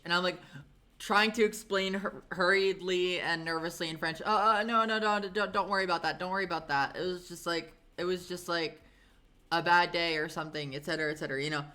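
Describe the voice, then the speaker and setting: A woman's voice: lowish voice, pushed and bright. A woman streamer telling a story in a casual, chatty way, swearing often and filling with "like" and "um".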